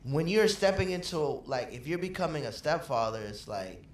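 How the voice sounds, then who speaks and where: Animated man in a roomy room. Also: a little high, normal speed. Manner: animated storyteller who acts out quotes. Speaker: podcast co-host. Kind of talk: casual chat. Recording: roomy room with faint background noise.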